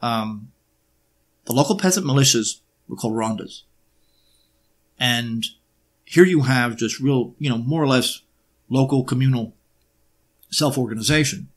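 A man presenting an unscripted history monologue, emphatic and sarcastic, often pausing on uh and um while he builds his points. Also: medium pitch. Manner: emphatic, with sarcastic rhetorical questions; frequent hesitations with uh and um.

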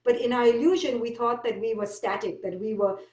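A woman's voice: on the high side, brisk, darkish tone, distant mic, dull audio. A woman giving a spiritual motivational talk, driving her points home with short, repeated declarations. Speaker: speaker. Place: speaking virtually. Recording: echoey room, voice off-mic.

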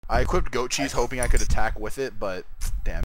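A man's voice: medium pitch, fairly quick, a bit bright. A man casually commentating his own video game duel, joking, swearing and trash-talking his opponent. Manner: joking trash talk, lots of laughing and swearing.

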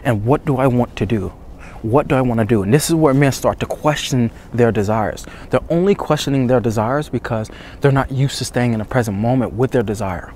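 Hushed, intense man coaching in the cold. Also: mid-range voice, fairly quick, a little hiss or hum. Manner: hushed, intense, repetitive urging. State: shivering from cold. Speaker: dating coach. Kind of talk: motivational talk to camera.

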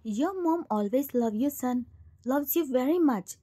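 A woman voicing a remorseful middle-aged mother who speaks softly and apologetically, in a storybook reading. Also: high voice, expressive, measured pace, breathy edge, exaggerated voice. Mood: tender. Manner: soft, apologetic.

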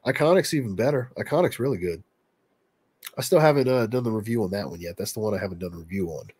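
A man's voice: on the low side, lively intonation, quick pace, a little mellow, slightly rough, no echo. A man with a stuffy, nasal, congested voice, answering viewer questions in casual livestream chat. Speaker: livestream host.

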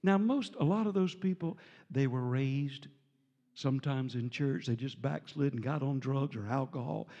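A man preaching a storytelling sermon as a visiting preacher, animated and jovial, breaking into laughter and shouts. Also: medium pitch, moderate pace, dull audio. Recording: reverberant church sanctuary.

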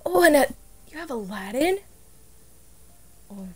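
A woman's voice: high voice, very animated, unhurried. A woman playing a flustered, nerdy young woman who stammers and giggles in a casual roleplay. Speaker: roleplay player.

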